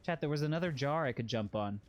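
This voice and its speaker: A man's voice: fairly high pitch, animated, fast, dull audio. A man streaming a video game, joking with chat and repeating phrases in mock panic. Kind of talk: casual gameplay commentary.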